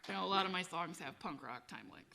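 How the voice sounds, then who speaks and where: A woman singer-songwriter telling a loose, profane road story between songs, with frequent laughs and quick asides. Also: lowish voice, animated, gravelly, sharp tone.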